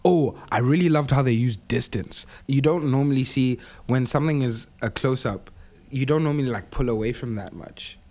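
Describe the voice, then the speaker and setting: A man's voice: medium pitch, normal speed, mellow. A man co-hosting a podcast in casual chat, blunt and enthusiastic, swearing freely. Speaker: podcast co-host.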